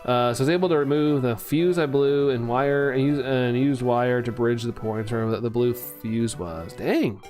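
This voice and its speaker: A man's voice: mid-range voice, normal speed, hardly any pauses, a little mellow, faint music behind. Chatty self-mocking male streamer. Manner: chatty, self-mocking, reads chat aloud and laughs often. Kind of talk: casual live-stream chat.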